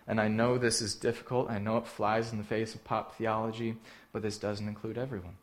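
A man preaching a sermon, earnest and direct, asking the listeners questions and swinging between emphatic lines and hushed ones. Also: on the low side, flat delivery, brisk. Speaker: pastor.

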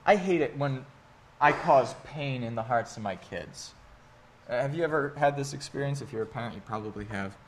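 A man's voice: medium pitch, animated, normal speed, a little hiss or hum. A man in his thirties preaching a sermon in a conversational, earnest way with wry asides. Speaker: pastor.

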